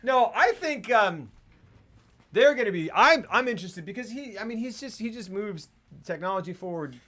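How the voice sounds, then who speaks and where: A man's voice: high-pitched, lively intonation, normal speed, sharp tone. A man co-hosting a casual film podcast, laughing often and acting out movie scenes in goofy voices. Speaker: podcast co-host. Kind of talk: casual chat.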